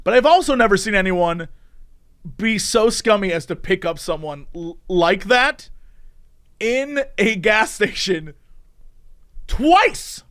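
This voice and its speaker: A man's voice: sits high, animated, slow pace, long pauses, a bit bright, clear, resonant tone. A man co-hosting a podcast, telling a story in casual chat and laughing often as he goes. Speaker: podcast co-host.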